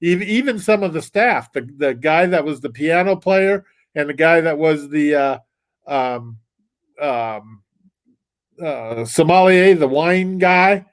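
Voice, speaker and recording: A man's voice: fairly high pitch, animated, takes it slowly. A man talking as a guest on a livestream, rambling in a casual way with lots of restarts and small chuckles. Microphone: desk mic.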